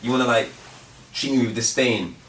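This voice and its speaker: A man's voice: mid-range voice, normal speed, fairly bright tone, a little hiss or hum. A man, joking in casual podcast chat full of slang. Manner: chatty with London slang. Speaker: podcast co-host. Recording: echoey room, far from mic.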